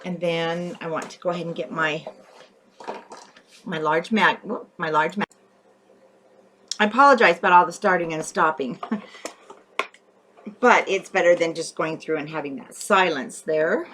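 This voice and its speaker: Woman, craft tutorial host, low-pitched voice, talks while she works, faint hiss and clicks. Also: fairly bright tone. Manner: chatty, thinking aloud while working, often self-correcting.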